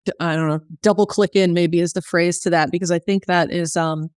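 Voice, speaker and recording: A woman's voice: on the low side, fairly even intonation, fairly quick, darkish tone, clean tone, dry recording, studio quality. A woman hosting an interview, asking questions and reflecting thoughtfully, sometimes searching for words. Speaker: podcast host.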